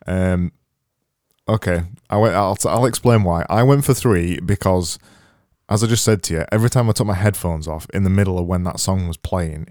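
A Yorkshire man with a very low voice hosts a relaxed chat about songs. He is chatty and pokes fun at himself. The sound is dry and close. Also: dry recording. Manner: chatty, self-deprecating, quick asides. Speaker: radio-style show host. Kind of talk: casual chat reviewing songs.

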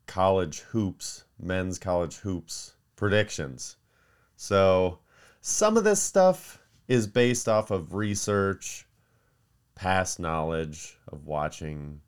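A man hosting a podcast, chatting casually in an animated way, with frequent fillers and laughter. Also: deep voice, smooth. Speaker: podcast host. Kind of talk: casual rambling chat.

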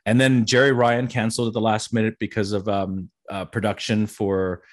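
A middle-aged man co-hosting a podcast in casual chat, excitable and quick to laugh. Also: lowish voice. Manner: chatty, laughs often, excitable. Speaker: podcast co-host.

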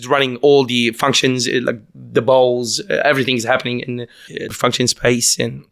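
A man with a Lebanese accent tells stories in a casual interview. His voice sits at a middle pitch, and he laughs often and restarts sentences as the stories tumble out. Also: moderate pace, gravelly. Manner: animated storyteller, laughs often, lots of restarts. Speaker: guest.

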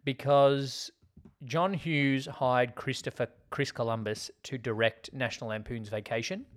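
A man co-hosts a casual film podcast, chatty and joking as he acts out lines from scenes. His voice is medium-pitched and steady, and he talks a little slowly.

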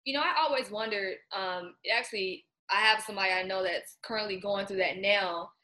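Female host, bright tone, meandering and chatty. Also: medium pitch, brisk, slight background noise. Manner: rambling, searching for words. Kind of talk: casual interview chat.

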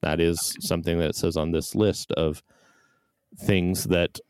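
A man's voice: low-pitched, level tone, a little slow, darkish tone, smooth, dry recording, studio quality. A man co-hosting a casual podcast chat, reading out movie trivia and laughing often. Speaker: podcast co-host.

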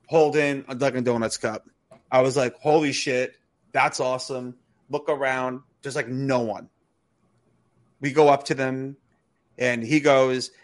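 A man co-hosting a wrestling podcast, telling a story in a casual, animated way with swearing and laughter. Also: medium pitch. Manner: animated, profane, laughs through stories. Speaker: podcast co-host.

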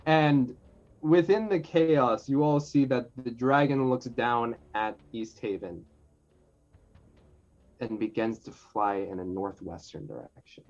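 A man's voice: mid-range voice, slow, faint music behind. Man running a tabletop game, dull lo-fi sound. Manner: relaxed, laughing, adds sound effects. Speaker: game master.

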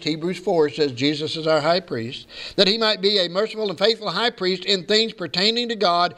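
High-voiced man preaching a sermon. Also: fairly bright tone. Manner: preaching with rhetorical questions and repeated refrains; reads scripture aloud in old-fashioned wording.

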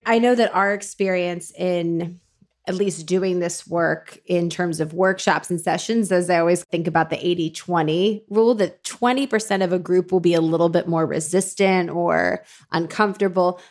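A woman's voice: on the low side, steady tone, normal speed. A woman hosting an interview, asking long, thoughtful questions and speeding up when she explains. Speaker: podcast host. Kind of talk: conversational interview.

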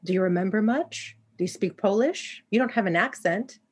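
A woman's voice: mid-range voice, normal speed, breathy edge, close to an everyday voice. A woman reader voicing a chatty, sensitive young woman who gushes eagerly.

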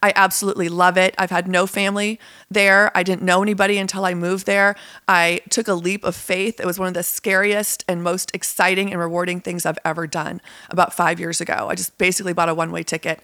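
A woman's voice: lowish voice, flat delivery, brisk, pushed and bright, no echo. Upbeat woman hosting a podcast, dry sound. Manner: upbeat, encouraging, chatty with affirmations. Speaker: podcast host. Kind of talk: casual solo podcast talk.

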